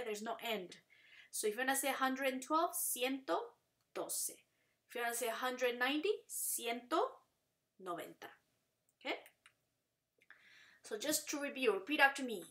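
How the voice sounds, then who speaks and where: A woman teaching a Spanish lesson, counting slowly and explaining patiently. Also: on the high side, sharp tone. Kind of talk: language lesson.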